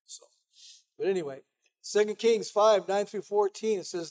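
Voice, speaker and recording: A man's voice: high-pitched, moderate pace, a little mellow. A man preaching a sermon as pastor, conversational and emphatic, often saying "you know".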